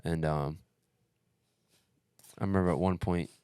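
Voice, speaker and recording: A young man with a very low voice, a podcast guest, recounts running an ultramarathon in loose, profane chat, animatedly calling everyone "dude." He talks a little slowly in a clean tone, and the recording is dry and close with no echo.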